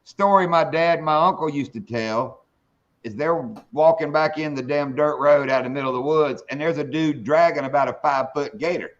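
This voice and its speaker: With a slightly high voice and a brisk pace, a man running a fishing live stream chats casually, recounting hunting stories with a salty drawl. The stream audio is dull and lo-fi.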